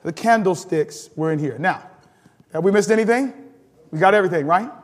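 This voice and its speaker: A high-pitched male pastor leads a teaching sermon, calling out to the congregation for answers and amens. His voice rings with a long church-hall reverb as he laughs and climbs into sudden emphatic peaks. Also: brisk. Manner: animated, call-and-response preaching with laughter and sudden emphatic rises.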